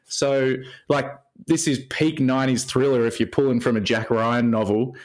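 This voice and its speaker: A man's voice: mid-range voice, normal speed. Chatty man riffing on films. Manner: laughing, energetic movie banter. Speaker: podcast co-host. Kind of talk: casual chat.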